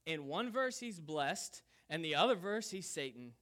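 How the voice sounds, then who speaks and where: A man preaching a sermon, casual and conversational, with an animated delivery. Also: a little high, moderate pace. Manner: lively, conversational preaching with Southern "y'all". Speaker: pastor.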